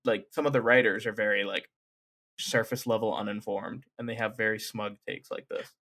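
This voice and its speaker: A man's voice: on the low side, fairly even intonation, a little fast, bright, forceful tone. A man co-hosting a podcast in casual chat, rambling and restarting his sentences. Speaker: podcast co-host.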